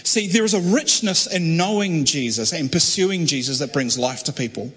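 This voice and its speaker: Animated preacher in a reverberant hall. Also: male voice, on the high side, normal speed, slightly rough. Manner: animated, acts out quoted voices. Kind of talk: sermon testimony storytelling. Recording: echoey hall with long reverb.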